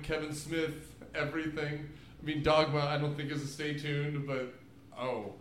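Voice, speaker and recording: A man co-hosts a casual movie podcast, riffing in an animated, joking way full of asides. His voice sits a bit high. The sound is roomy and echoey, with a faint hiss underneath. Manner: animated, jokey, rambling with asides. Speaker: podcast co-host. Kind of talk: casual movie recap chat. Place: home room with DVD shelf.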